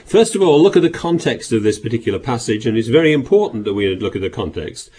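A man's voice: medium pitch, big pitch swings, quick pace, a little mellow, slightly rough. A man preaching a sermon, reading scripture aloud and pressing his points with rhetorical questions and repeated words.

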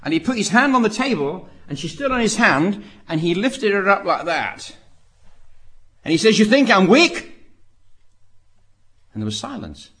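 A man preaching, telling stories dramatically and asking rhetorical questions, swinging between loud emphasis and quiet asides. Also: sits high, sing-song, moderate pace. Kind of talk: preaching talk.

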